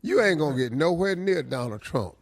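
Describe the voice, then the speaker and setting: A man's voice: a little high, lively intonation, brisk, dry recording, soft background music. A man hosting a morning radio show, teasing and blunt, often laughing through his banter. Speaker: radio host.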